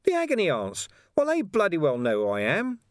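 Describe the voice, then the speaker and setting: A man reading a gruff middle-aged watch commander who barks short, forceful lines. The voice sits a little above the reader's own, with lively pitch. It is read for an audiobook in a dry, close sound. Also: fairly quick, no room sound. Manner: clipped, forceful barking.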